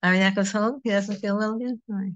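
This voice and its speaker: A woman's voice: mid-range voice, steady tone, fast, dull audio. A middle-aged woman teaching a Torah class in a conversational, digressive way, mixing in Hebrew terms.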